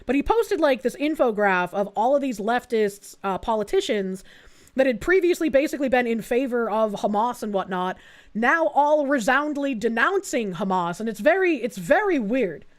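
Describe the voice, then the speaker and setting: High-voiced woman, blunt and sarcastic. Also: lively intonation, normal speed. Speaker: streamer. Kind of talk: live reaction commentary.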